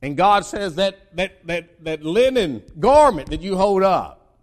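A man's voice: very animated, a little slow. Emphatic American preacher man. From United States. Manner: emphatic preaching with many repeated starts and dramatic pitch swings. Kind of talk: sermon.

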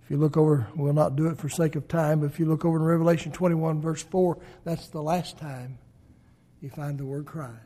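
A man preaching a sermon, swinging between loud emphatic peaks and hushed low endings. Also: fairly even intonation, a little fast.

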